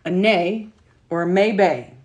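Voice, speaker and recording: A woman hosting a podcast, running the segments in casual chat with quick laughs. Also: lowish voice, a little mellow. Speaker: podcast host.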